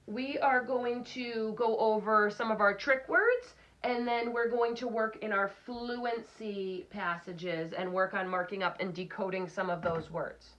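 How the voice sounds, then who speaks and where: Woman teacher, slow deliberate phonics delivery, mid pitch, dull lo-fi sound. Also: steady tone, a bit bright, slight background noise. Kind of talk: recorded phonics lesson for children.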